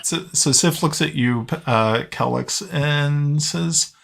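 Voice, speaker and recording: Male game master, gravelly, unhurried, halting narration with fillers. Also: a little high, a bit bright. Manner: halting, many fillers and restarts. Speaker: dungeon master.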